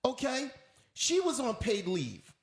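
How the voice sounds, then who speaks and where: A man's voice: very high-pitched, huge pitch swings, slow pace, roomy sound, a loud crowd. A man hosting a talk radio show, ranting in an emphatic, preachy way and repeating his points. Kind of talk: opinionated talk radio rant.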